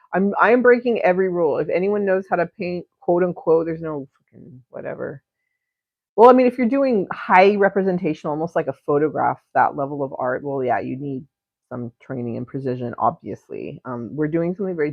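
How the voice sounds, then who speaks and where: Streaming casually from her home studio while she paints, this woman talks in a giggly, profane, rambling way and keeps interrupting herself. Her voice is on the low side. The recording is dry, with dull lo-fi stream audio.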